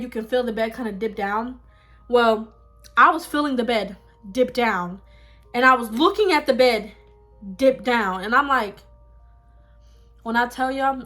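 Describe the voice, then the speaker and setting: A young woman telling a story on her mukbang vlog in a casual, animated, dramatic way, with bursts of laughter. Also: fairly high pitch. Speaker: vlogger. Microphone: phone.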